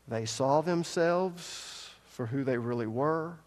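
A man's voice: mid-range voice, takes it slowly. A man preaching a sermon as pastor, emphatic, repeating his key points and asking the congregation rhetorical questions. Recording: long reverb of a large hall.

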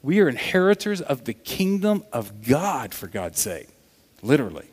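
A man's voice: mid-range voice, normal speed, husky. Preaching man in a reverberant hall. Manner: animated storytelling, swinging from loud to hushed. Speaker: pastor. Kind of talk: sermon. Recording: long reverb of a large hall.

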